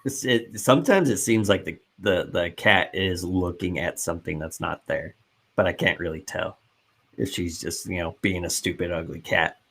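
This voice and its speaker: A man's voice: low voice, normal speed, fairly bright tone, breathy edge. A man co-hosting a podcast in casual chat, rambling and restarting his sentences. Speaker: podcast co-host.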